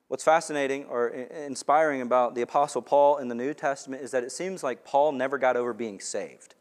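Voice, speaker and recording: A man preaching a sermon as pastor, conversational and animated, often repeating words as he goes. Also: medium pitch, brisk, few pauses, long reverb tail.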